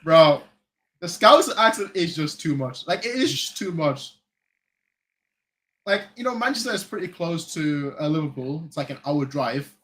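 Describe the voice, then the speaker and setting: A German-born man hosting a live football watchalong, his voice sitting a bit higher than most men's. He talks loosely and rambles, circling back over his own phrases and leaning on filler words. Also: lively intonation, moderate pace, a bit bright, rough recording. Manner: rambling, repeats phrases, frequent "like". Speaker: fan channel host. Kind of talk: casual live watchalong chat. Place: lives in Manchester.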